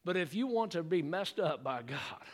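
A male pastor preaching a fervent sermon to his church. He calls for congregational responses and rises into shouted exclamations. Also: fairly high pitch, lively intonation, normal speed. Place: church sanctuary.

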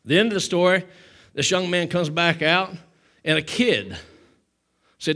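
A preacher with a notably high, bright and forceful male voice delivers a sermon to his congregation in church. He tells his story with strong emphasis, swinging from loud declarations to hushed, intimate lines, and keeps asking the room for amens and praise. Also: unhurried, long pauses. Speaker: pastor.

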